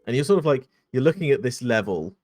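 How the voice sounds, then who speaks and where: A man's voice: medium pitch, very animated, fast, darkish tone. A man running a tabletop game as game master, narrating with lots of fillers and laughter.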